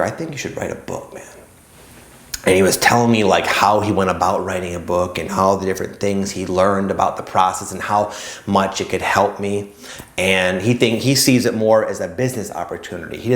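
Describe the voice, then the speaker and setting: A man speaks in a slightly low register, chatting to camera as the host of a spiritual channel. His delivery is loose and rambling, full of filler words like "like" and "kind of". The room around him sounds echoey. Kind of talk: casual spiritual talk to camera.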